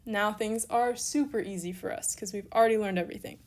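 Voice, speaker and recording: A woman's voice: mid-range voice, fairly quick, a little mellow. A young woman teaching a recorded language lesson, upbeat and encouraging as she talks through worked examples and corrects herself casually. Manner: self-correcting, casual asides.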